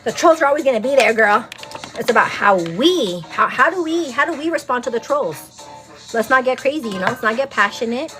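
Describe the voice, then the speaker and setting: Casual high-voiced woman chatting to viewers on a livestream, playful and laughing, soft music underneath. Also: animated, brisk. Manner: chatty, calls viewers "girl" constantly; laughs often, teasing then turning earnest. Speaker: livestream host. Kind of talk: casual chat on a morning get-ready livestream.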